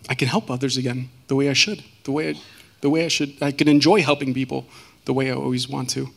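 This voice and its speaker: A man giving a personal testimony as a guest speaker, earnest and halting, with many fillers and restarts. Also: medium pitch, creaky, a bit bright.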